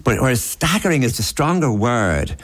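A man's voice: mid-range voice, very animated, moderate pace. A man in a literary discussion, musing aloud and turning phrases over, often restarting his sentences.

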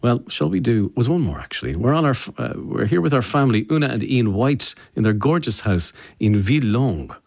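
A man's voice: mid-range voice, very animated, a little fast, vocal fry, few pauses, darkish tone. A man with an Irish accent presenting a radio show, reading out listener messages in a chatty, easygoing way. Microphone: studio microphone.

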